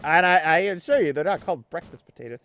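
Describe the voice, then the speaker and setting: Animated chatty man commenting on a game. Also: a little high, fast, soft background music. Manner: animated, chatty, reacts to chat. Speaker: let's play host. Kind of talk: casual gameplay commentary.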